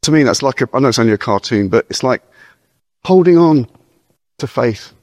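A man preaching an earnest, encouraging sermon, reading scripture slowly and breaking off for informal asides and questions to his listeners. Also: mid-range voice, animated, a little mellow, no echo, clean studio sound. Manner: reads verses aloud slowly and deliberately.

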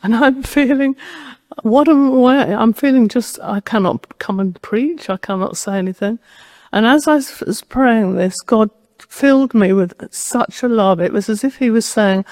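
A woman's voice: fairly high pitch, measured pace, darkish tone, no room sound. A woman preacher giving a sermon, telling a personal story in a conversational, direct way.

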